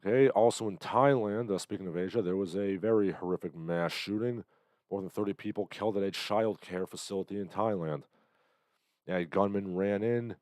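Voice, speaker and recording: A man hosting a livestream, commenting on the news in a sardonic, halting way with lots of fillers, still getting over an illness. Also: on the low side, darkish tone, no room sound. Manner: sardonic, hesitant with many fillers. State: recovering from illness, coughing. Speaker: livestream host.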